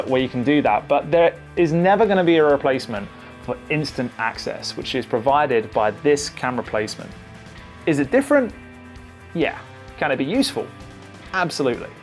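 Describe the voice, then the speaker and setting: A man giving a relaxed, conversational laptop overview as a tech reviewer, with frequent fillers. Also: medium pitch. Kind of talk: casual product overview.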